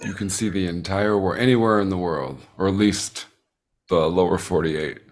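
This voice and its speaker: A middle-aged man hosting a casual podcast chat, asking relaxed, curious questions and swearing casually. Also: sits low, moderate pace. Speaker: podcast host.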